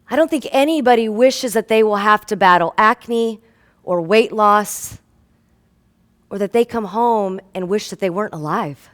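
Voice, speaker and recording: A woman's voice: medium pitch, expressive, a little slow, a bit bright. A woman health practitioner giving an inspirational stage talk. She speaks earnestly and with emotion, tells stories about her patients with acted-out dialogue, and builds up to rallying calls to her listeners.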